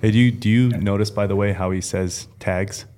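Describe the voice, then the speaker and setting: A man hosting a podcast in casual chat, telling anecdotes in an animated way. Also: lowish voice, moderate pace. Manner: animated storytelling, mimics others. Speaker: podcast host.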